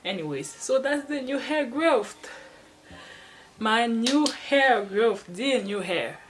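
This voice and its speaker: A woman's voice: a little high, expressive, slow pace, noisy background. A woman vlogger chatting casually to the camera at home, rambling along with frequent restarts and little laughs. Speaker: hair-care vlogger. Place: at home, seated in front of a wall. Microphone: camera placed off to the side.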